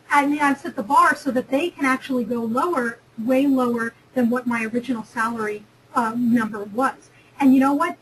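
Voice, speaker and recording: Chatty woman with a high voice. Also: slight background noise, poor audio. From New Jersey. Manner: chatty, emphatic, repeats and restarts phrases. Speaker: career webinar presenter. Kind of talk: lecture on negotiation.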